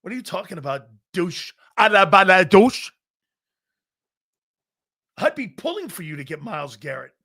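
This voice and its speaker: A middle-aged man hosting a live sports talk show, reading chat messages aloud, laughing often and arguing back loudly. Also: sits high, moderate pace, long pauses. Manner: loud, excitable, laughs often, argues with chat.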